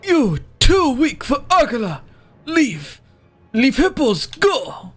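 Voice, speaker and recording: A gamer shouting as a brutish broken-English villain. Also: high voice, big pitch swings, takes it slowly, husky, faint music behind, pitched above the performer's own voice, heavily acted. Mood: hostile. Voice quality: clipped broken speech, shouting. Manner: blunt, threatening. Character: gruff hostile male tribal leader who talks in broken English. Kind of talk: reading game dialogue aloud in character.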